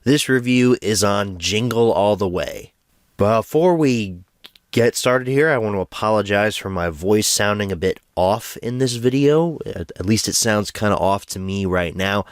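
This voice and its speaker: A man's voice: on the low side, expressive, a little slow, dry recording, clean studio sound. Congested young man reviewing a movie. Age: 20s. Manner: casual, stumbles and restarts words. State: congested, under the weather. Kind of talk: casual review monologue.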